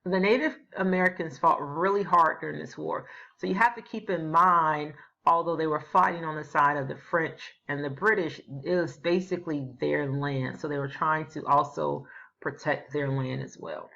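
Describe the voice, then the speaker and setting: Low gravelly woman teaching history. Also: steady tone, normal speed, pushed and bright. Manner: explanatory, casual asides. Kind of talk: classroom history lesson. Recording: dull lo-fi recording.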